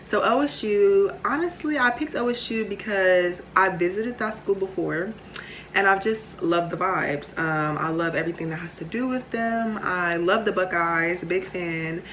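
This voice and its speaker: A woman's voice: lowish voice, a little slow, a bit bright, slight background noise. A young woman, chatting casually to camera with lots of fillers and playful asides. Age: late teens. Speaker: vlogger.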